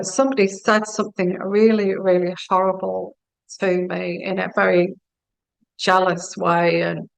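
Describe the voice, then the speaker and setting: Woman with a gravelly voice reading tarot. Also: medium pitch, rough recording. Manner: slow, musing, addresses the listener directly. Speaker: tarot reader.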